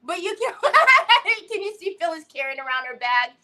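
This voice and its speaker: A woman's voice: extremely high pitch, very animated, moderate pace, pushed and bright, rough recording. A woman hosting a live crafting stream, chatting casually, giggling often and greeting viewers by name. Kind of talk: casual livestream chat while crafting.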